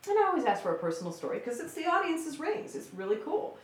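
Animated woman magician, roomy sound. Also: high voice, fast talker. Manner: animated storyteller who acts out quoted voices. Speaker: stage magician and guest. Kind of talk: casual podcast chat. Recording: roomy with faint background noise.

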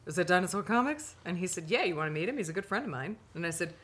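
Woman gabbing on a podcast, bright tone, does everybody's voices in her stories. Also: rapid-fire. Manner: lively, acts out quoted voices with big pitch jumps. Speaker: podcast co-host. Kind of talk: casual chat, animated storytelling.

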